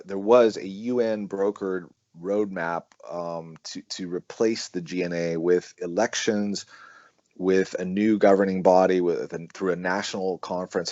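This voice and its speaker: A man, a researcher being interviewed on a podcast, explaining in a measured, analytical way with frequent "um" and "you know" and the odd "right?". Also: deep voice, a little mellow, no echo, muffled recording. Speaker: researcher and author, interview guest.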